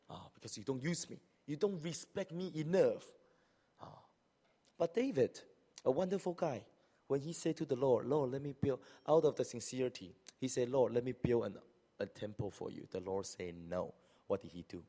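Animated male preacher in a reverberant church. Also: normal speed. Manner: animated, acts out hypothetical speakers with rising pitch. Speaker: pastor. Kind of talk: sermon. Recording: long hall reverb.

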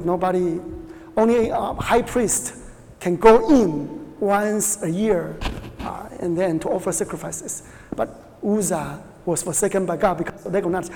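A woman's voice: mid-range voice, gravelly, darkish tone. Chinese-speaking woman teaching a Bible class. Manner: questions the class often, halting restarts, laughs. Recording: reverberant hall.

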